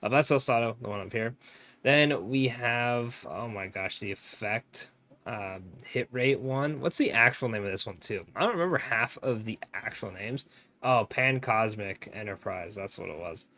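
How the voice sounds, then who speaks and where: A man's voice: lowish voice, expressive, moderate pace, pushed and bright. Rambling young man explaining game gear. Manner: rambling, forgets names, self-mocking. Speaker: gaming content creator. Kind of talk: casual game guide commentary.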